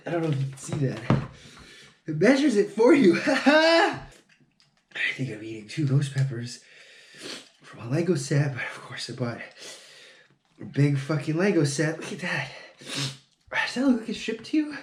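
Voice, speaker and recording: A man's voice: a little high, sing-song, normal speed, pauses often, a little mellow, slight background noise. A man vlogging on his own, mumbling to himself and mocking himself, with plenty of swearing. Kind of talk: casual solo vlog talking to camera while building. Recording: echoey room.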